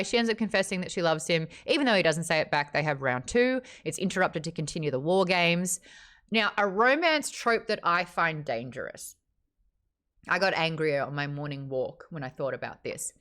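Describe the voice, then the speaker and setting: A woman hosting a casual live-streamed book club, talking bluntly, swearing freely and ranting in an animated way. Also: low-pitched, normal speed. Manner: animated, acts out quotes.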